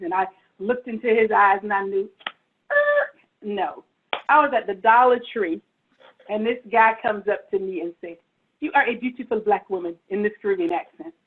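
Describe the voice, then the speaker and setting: A middle-aged woman, a guest author, telling her story casually over a video call, animated and playful, laughing often. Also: mid-range voice. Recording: tinny phone-like audio.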